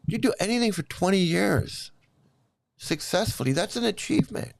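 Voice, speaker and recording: Middle-aged man, a bit high-pitched, delivering a profane, repetitive commentary rant to camera, dry sound. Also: lively intonation, moderate pace, gravelly, no room sound. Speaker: YouTube commentator. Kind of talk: angry ranting commentary.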